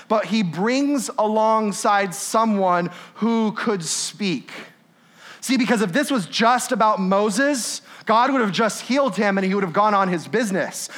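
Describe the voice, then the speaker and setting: A young man delivers a sermon in a loose, talkative way, with a voice that sits high for a man. He keeps checking in with the congregation through quick tag questions and acts out short everyday scenes as he goes. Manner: animated and conversational, with laughs and tag questions. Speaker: pastor.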